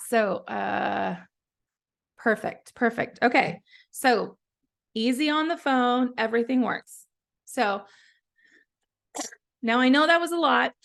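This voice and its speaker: A woman founder giving a casual, chatty software walkthrough, encouraging her listeners while often trailing off and restarting her sentences. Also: sits high, creaky. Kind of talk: casual live software tutorial.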